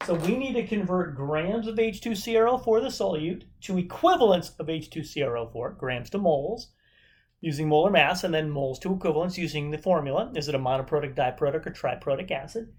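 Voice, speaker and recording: A man's voice: fairly high pitch, expressive, a little fast. A man teaching a chemistry lesson in a casual, upbeat way, often checking in with rhetorical questions. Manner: upbeat, chatty, asks frequent rhetorical questions. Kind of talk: informal recorded chemistry lesson.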